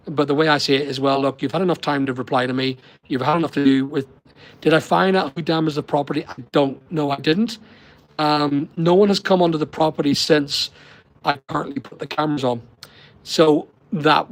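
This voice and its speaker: A middle-aged man with a Northern Irish accent hosts a casual live stream from his holiday lodging. He rambles from topic to topic and stops to reply to viewers' comments. His speaking voice sits slightly high for a man. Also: low-quality recording. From Northern Ireland. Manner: rambling, chatty, talks back to viewers' comments. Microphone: laptop or phone on a weak connection.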